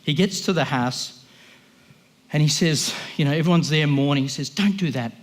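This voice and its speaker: A man's voice: a little high, normal speed. A man giving an impassioned, emphatic sermon as a guest speaker, often voicing the people he quotes.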